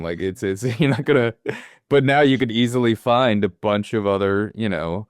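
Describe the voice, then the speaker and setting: A man's voice: lowish voice, normal speed, clear, resonant tone, dry recording, studio quality. A man in his forties co-hosting a film podcast, talking casually and rambling with lots of fillers and restarts. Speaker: podcast co-host.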